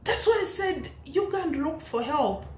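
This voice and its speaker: A young East African woman lectures at an unhurried pace, her high voice leaping up and down as she preaches. She laughs often between her scolding lines, and the sound bounces around an echoey room. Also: animated, a little mellow, a little hiss or hum. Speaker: vlogger commenting on a public dispute. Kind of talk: impassioned commentary.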